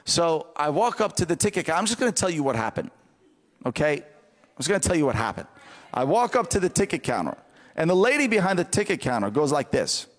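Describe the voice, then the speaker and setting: A man preaching a revival sermon, telling a story in a lively way and building to shouted fervor. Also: on the high side, a little fast, in a large hall. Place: large church auditorium.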